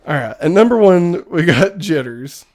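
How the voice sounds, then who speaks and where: A woman's voice: on the low side, animated, moderate pace, darkish tone. A woman co-hosting a podcast in casual chat, laughing often as she talks. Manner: giggly, laughs often while talking. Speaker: podcast co-host.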